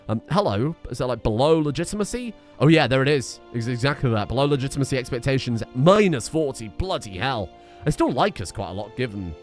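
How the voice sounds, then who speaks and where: Man, let's-play commentary, rambling wry asides, animated pitch, soft music behind. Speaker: video game streamer.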